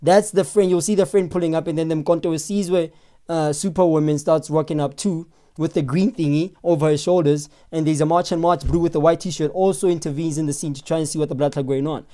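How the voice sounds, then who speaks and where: A man hosting a live stream, giving excitable, chatty commentary on video footage and often breaking off to pause it. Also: on the high side. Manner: excitable, chatty, keeps saying "hold on".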